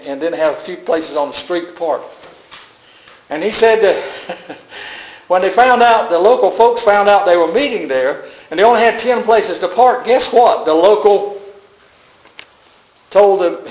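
Guy preaching, high voice, repeats himself a lot, echoey church room. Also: expressive, moderate pace. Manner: emphatic preaching with repeated words and restarts. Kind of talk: sermon.

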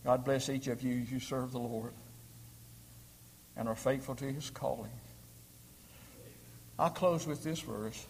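Preacher in a reverberant hall. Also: male voice, mid-range voice, steady tone, measured pace, creaky, long pauses, a little hiss or hum. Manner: rising to emphatic, forceful peaks, asking the congregation questions. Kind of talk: sermon.

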